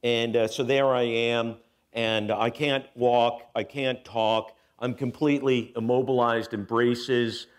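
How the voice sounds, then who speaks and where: A middle-aged man giving a talk at a spiritual center as guest speaker, telling a personal story with animated, self-mocking delivery and acting out voices. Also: medium pitch, slow. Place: church hall. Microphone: handheld microphone.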